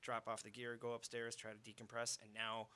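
A band member in a casual interview, telling stories in an animated way. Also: male voice, medium pitch, brisk.

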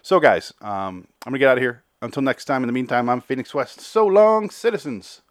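A podcast host recaps and reviews a TV episode casually, talking fast in a mid-range voice while out of breath. He's profane and rambling, repeating words when he restarts, and the studio sound is clean with no echo.

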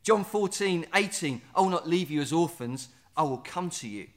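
A man preaching a sermon, earnest, repeating words and slowing down to stress key lines. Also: on the high side, lively intonation. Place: standing in a building site or venue.

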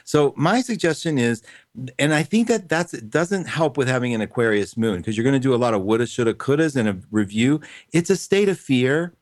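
A man hosting a call-in radio show, gently reassuring callers and calling them sweetie and honey. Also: mid-range voice, dry recording, clean studio sound.

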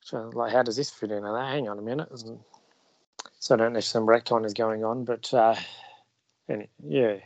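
A man with a mid-range voice co-hosts a relaxed podcast about scripture. He is chatty, laughs easily, and often trails off mid-thought. The recording is dry and close, with almost no room sound. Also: mid-range voice, normal speed, no echo, highs cut off. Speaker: podcast co-host. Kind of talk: casual chat about scripture.

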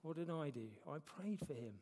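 Gravelly man preaching in a hall. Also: fairly high pitch, animated, normal speed, darkish tone. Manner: conversational, self-deprecating humor. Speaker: church elder preaching. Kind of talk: sermon. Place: church hall. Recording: long reverb of a church hall.

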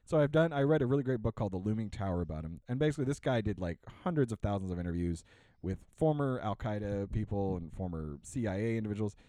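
A man's voice: lowish voice, expressive, quick pace, mellow, no echo. A man on a podcast, chatting casually in a sarcastic rant, full of fillers and restarts. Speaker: podcast co-host. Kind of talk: casual ranting chat.

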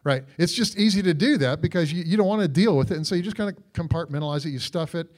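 A man's voice: fairly high pitch, fast, a little mellow. Easygoing middle-aged man co-host. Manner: easygoing, self-deprecating. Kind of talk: casual faith chat.

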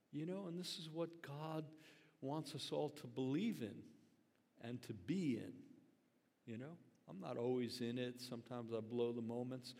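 A man's voice: mid-range voice, gravelly. An older man, a grandfather and pastor, telling a story in a conversational, earnest sermon full of fillers. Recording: long hall reverb.

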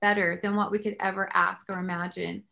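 A woman hosting a faith talk show, telling stories in an animated way and praying aloud. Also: medium pitch, a little fast, gravelly. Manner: animated storyteller, prays aloud. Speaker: host.

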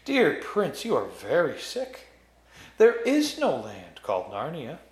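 Guy doing a soft sly witch queen voice, soothing and musical, slow, roomy sound. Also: fairly high pitch, huge pitch swings, pitched above the performer's own voice, full character voice. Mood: sweetly mocking. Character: sweet-voiced scheming witch queen, woman.

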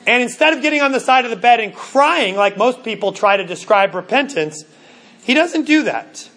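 High-pitched guy preaching, earnest, keeps restarting words. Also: lively intonation, fairly bright tone. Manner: earnest, stumbling restarts, slows for emphasis. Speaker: pastor. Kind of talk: sermon.

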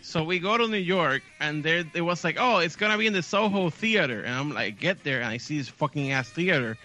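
Animated Puerto Rican comedian with a bright voice. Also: male voice, a little high, a little fast, faint music behind. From Puerto Rico. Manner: animated storyteller, acts out voices, swears freely. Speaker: comedian guest. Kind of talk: storytelling chat, then stand-up clip.

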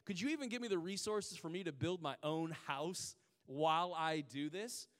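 A man's voice: a little high, normal speed, in a large hall, lightly acted. A man preaching a sermon voices a distraught, humble male servant pleading, in his own everyday voice.

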